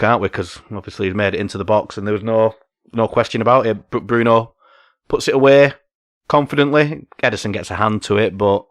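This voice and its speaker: A man's voice: on the low side, no echo, studio quality. A man co-hosting a football podcast, chatting casually with many tag questions. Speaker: podcast co-host.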